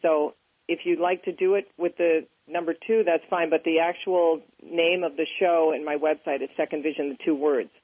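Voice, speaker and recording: A woman hosting a talk show, reading a scripted introduction and then chatting warmly with her guests. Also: low-pitched, steady tone, moderate pace, husky, dry recording. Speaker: radio show host. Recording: phone-line audio.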